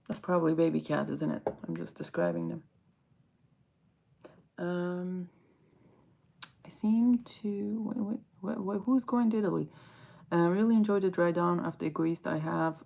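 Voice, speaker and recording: A woman's voice: on the low side, creaky, dark tone. A woman hosting a casual fragrance livestream, reading viewer comments aloud and answering them as she chats.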